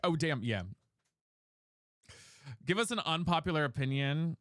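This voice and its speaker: A man's voice: on the high side, animated, unhurried, a bit bright, no echo, clean studio sound. A young man streamer chatting casually with his chat, reading questions aloud and explaining voice technique.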